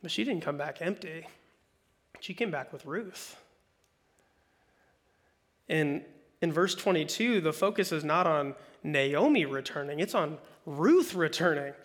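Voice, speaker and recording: A male pastor preaching a conversational, animated sermon, reading scripture and acting out quotes. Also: a little high, measured pace, long pauses.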